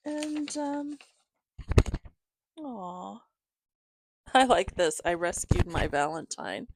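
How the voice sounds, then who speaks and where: A woman hosting her own channel, chatting casually with viewers as she shows gifts, giggling often and filling pauses with "um". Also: medium pitch, lively intonation, vocal fry, darkish tone. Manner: chatty, giggly, many fillers. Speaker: channel host reading to her cats. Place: home, reclining.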